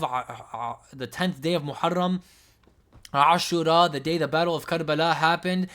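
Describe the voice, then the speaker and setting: A man's voice: a little high, a bit bright. A young man giving impassioned religious commentary, emotional and pleading, often repeating himself.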